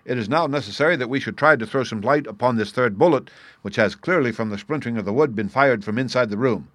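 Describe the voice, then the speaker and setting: Guy reading a sharp detective, measured and sure of himself, mid voice, dry close audio. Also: mid-range voice, dry recording, lightly acted. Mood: composed. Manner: measured, assured, explanatory. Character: sharp, precise male detective, middle-aged.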